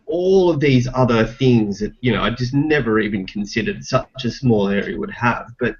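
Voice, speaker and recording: Husky Australian man, casual podcast chat. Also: medium pitch, moderate pace. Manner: searching for words, relaxed and thoughtful. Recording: dull lo-fi podcast recording.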